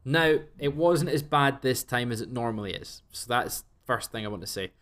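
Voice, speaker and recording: A man's voice: medium pitch, expressive, moderate pace, a bit bright. Chatty man telling stories. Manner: chatty storyteller, acts out quoted exchanges. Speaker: podcast co-host. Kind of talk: casual chat.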